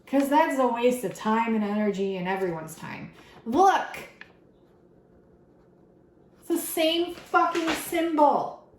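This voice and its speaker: A woman doing a casual tarot reading for her viewers, excitable and swearing freely as she talks straight to the camera. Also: fairly high pitch, takes it slowly, long pauses, reverberant, a little hiss or hum, poor audio. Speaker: tarot reader. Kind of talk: casual spiritual reading vlog.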